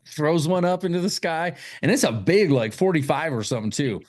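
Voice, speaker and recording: A man in the middle of a loose podcast chat, running through a film's plot with plenty of cursing. He jumps into quoted voices of the characters as he goes, in a voice of ordinary pitch for a man. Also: fairly quick, few pauses. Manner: profane, animated retelling with quoted voices. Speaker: podcast co-host. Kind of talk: casual movie recap chat.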